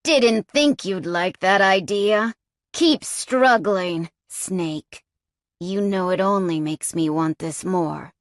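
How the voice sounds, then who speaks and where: A woman voicing a sadistic, taunting male captor in an audiobook, speaking in low, slow, menacing tones. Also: no room sound, clean studio sound.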